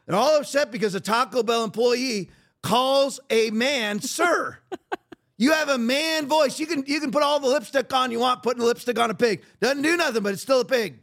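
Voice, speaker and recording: Guy with a really high voice ranting on his podcast, blunt and mocking, hammers every point. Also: fairly bright tone. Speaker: podcast host. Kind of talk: opinionated podcast commentary.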